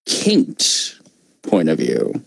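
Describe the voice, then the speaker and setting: Measured man in casual podcast chat. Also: very deep voice, huge pitch swings, gravelly, dry recording. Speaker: podcast co-host.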